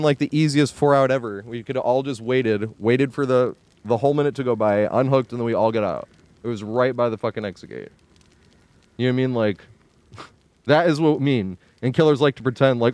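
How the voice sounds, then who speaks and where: A man's voice: mid-range voice, a little fast, no room sound. Exasperated swearing man on a dry mic. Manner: exasperated ranting with frequent swearing; yells at the screen in bursts. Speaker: game streamer. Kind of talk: live gameplay commentary.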